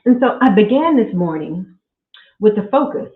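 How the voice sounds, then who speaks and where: A middle-aged woman hosting a podcast, talking slowly and from the heart, with frequent religious exclamations. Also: mid-range voice, big pitch swings. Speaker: podcast host. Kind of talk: casual faith-based personal talk. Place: at home. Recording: echoey room, phone-like audio.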